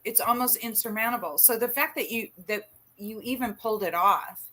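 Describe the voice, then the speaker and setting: A woman's voice: fairly high pitch, a little fast, sharp tone. A woman hosting a podcast in a joking, casual conversation, lingering over her words. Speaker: podcast host.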